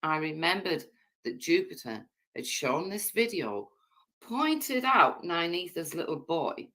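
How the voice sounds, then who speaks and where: A woman's voice: on the low side, big pitch swings, takes it slowly, a bit bright. A woman in a played clip recounting something that happened, telling it hesitantly and with restarts.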